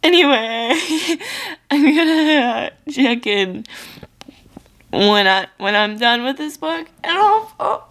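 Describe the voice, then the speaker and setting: A woman's voice: a little high, animated, slow pace, fairly bright tone. A young woman chatting casually in a reading vlog, gushing about a book with lots of fillers, tearful at times. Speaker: book vlogger.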